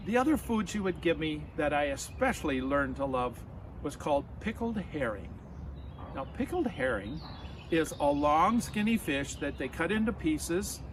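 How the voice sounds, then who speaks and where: A man's voice: fairly high pitch, a bit bright, slight background noise. A man telling a friendly story outdoors in a backyard and leading a clap-along for listeners. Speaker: storyteller and folk musician. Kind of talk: storytelling to children.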